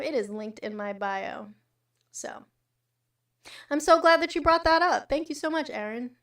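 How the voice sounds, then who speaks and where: A fairly high-voiced woman hosting a casual livestream, talking straight to her chat. She is blunt and sarcastic and swears freely, and her voice sits a little back from the mic. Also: animated, normal speed, pauses often, a bit bright, distant mic. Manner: blunt, profane, sarcastic asides. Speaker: livestream host. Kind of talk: casual livestream chat reading comments and news.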